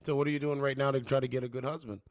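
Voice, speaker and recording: A man hosting a livestream, casually mocking and trash-talking the people on it with drawn-out taunts. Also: mid-range voice, little pitch movement, no echo, clean studio sound. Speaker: livestream host.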